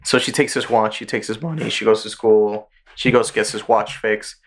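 A man with a slightly low voice hosts a podcast in easygoing chat. He walks through a show's plot in a loose, rambling way, peppered with profanity. He sounds relaxed and conversational. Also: normal speed. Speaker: podcast host. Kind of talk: casual chat.

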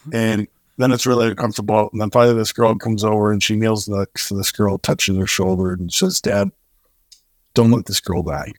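A man guest on an interview show, telling stories in an animated way and acting out the voices of the people in them. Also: fairly quick, few pauses, no echo, studio quality. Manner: animated, acts out quoted voices with big pitch jumps. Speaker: charity co-founder, guest. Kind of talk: storytelling in an interview.

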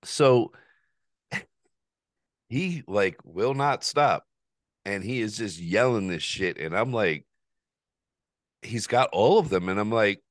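Deep-voiced man telling a story. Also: takes it slowly, long pauses, no echo, studio quality. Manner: profane, animated, laughs often. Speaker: podcast host. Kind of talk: casual storytelling.

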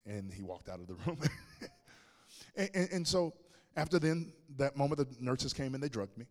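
Pastor predigt in hallendem Saal. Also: male voice, mid-range voice, normal speed. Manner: lively, humorous storytelling addressing the congregation. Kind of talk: sermon storytelling. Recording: long reverb of a large hall.

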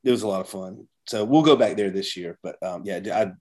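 A man appears as a podcast guest in a casual chat, rambling through stories and often restarting his sentences. His voice is on the low side, slightly mellow, and fairly quick.

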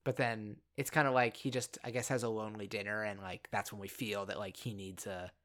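A man's voice: lowish voice, brisk. Easygoing man chatting about a film. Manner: agreeable, frequent backchannel "yeah", relaxed storytelling. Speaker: podcast co-host. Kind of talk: casual film discussion.

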